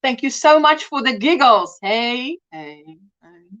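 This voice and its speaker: A woman's voice: high voice, unhurried, fairly bright tone, lo-fi sound. A woman hosting a casual crochet livestream, chatting, reading out viewer comments and laughing often.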